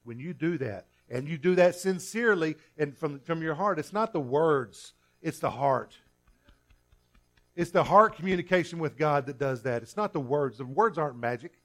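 A man's voice: fairly high pitch, lively intonation, moderate pace, fairly bright tone. A male pastor preaching a sermon earnestly, often restarting and repeating himself.

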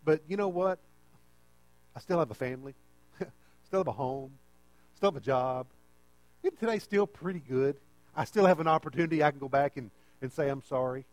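A man's voice: on the high side, moderate pace, pauses often, darkish tone, dry recording. A man preaching a conversational sermon and often checking in with the listeners.

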